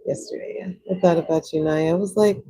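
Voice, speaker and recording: A young woman chats on a livestream as she swatches watercolors, reading out and answering viewers' comments. Her voice is husky and mellow and sits a little low. Now and then it leaps up high with excitement. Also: brisk, rough recording. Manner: chatty, reads out and answers chat comments; animated, jumps into high squeals of excitement. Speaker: livestream host. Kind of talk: casual chat while swatching watercolors.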